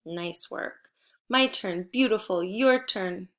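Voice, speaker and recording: A woman teacher giving a spelling and phonics lesson to first graders, patient and encouraging, prompting with clear cues. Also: medium pitch, slow. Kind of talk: phonics lesson for young children.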